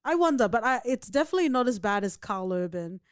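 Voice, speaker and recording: A woman's voice: a little high, sing-song, fast, no room sound, clean studio sound. A woman co-hosting a podcast in casual chat, full of playful, teasing banter. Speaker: podcast co-host.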